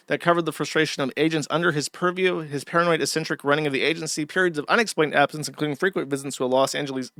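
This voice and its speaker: A man's voice: a little high, bright, forceful tone, no echo, studio quality. A man hosting a livestream, ranting and swearing in casual commentary. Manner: profane, ranting. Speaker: stream host.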